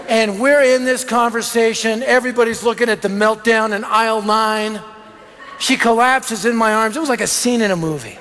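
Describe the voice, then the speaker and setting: A man's voice: very high voice, fairly quick, a bit bright, faint music behind. A middle-aged man preaching a sermon, telling stories with energy and punchy lists. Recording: long reverb of a large hall.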